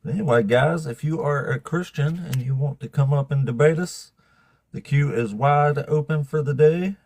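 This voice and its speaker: A man's voice: a little high, moderate pace, a little mellow, no echo. Joking man hosting a debate stream. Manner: joking, laughs often. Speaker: debate show host. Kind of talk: casual livestream debate hosting.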